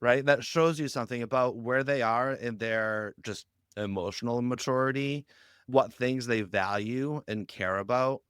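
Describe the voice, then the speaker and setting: A man speaking as a guest on a podcast interview, explaining ideas with lively anecdotes and acting out quoted lines. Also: mid-range voice, measured pace, clear, resonant tone, dry recording, clean studio sound. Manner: animated storytelling, acts out quoted lines. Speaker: guest on a youth ministry podcast.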